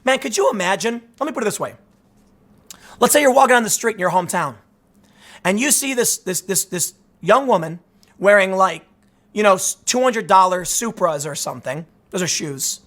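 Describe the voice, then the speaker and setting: A man hosting casual political commentary, rambling and animated, repeating himself and acting out imagined exchanges. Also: high voice, moderate pace. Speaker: commentary host.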